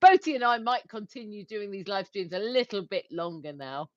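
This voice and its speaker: A woman's voice: medium pitch, animated, normal speed, a little mellow, no room sound, highs cut off. A woman co-hosting a casual livestream, giggling as she reads viewer comments aloud. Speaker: livestream co-host.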